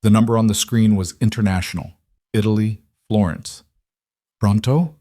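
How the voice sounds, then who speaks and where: A man reading a story aloud in a measured, even way. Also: fairly low pitch, no room sound, clean studio sound. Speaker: narrator. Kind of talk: scripted story narration.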